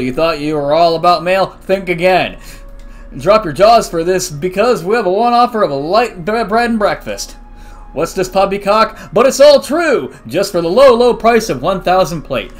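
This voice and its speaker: Guy doing a loud overexcited ad announcer voice, pitched way up, bouncy, faint music behind. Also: animated, moderate pace. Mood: hyped salesy. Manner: loud, salesy, exaggerated emphasis. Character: hyped male ad announcer, pushy and overexcited.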